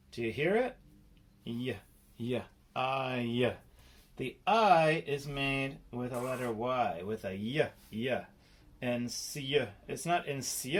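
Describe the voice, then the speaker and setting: A man teaching a children's phonics lesson in a slow, playful way, sounding out letters and syllables. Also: mid-range voice. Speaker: spelling teacher.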